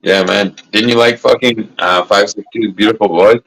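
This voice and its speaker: A man's voice: lowish voice, steady tone, normal speed, gravelly, a bit bright, slight background noise, rough recording. A man hosting a casual livestream, talking in a loose, profane, rambling way and coughing now and then from smoking. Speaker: livestream host. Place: indoors at a grow setup.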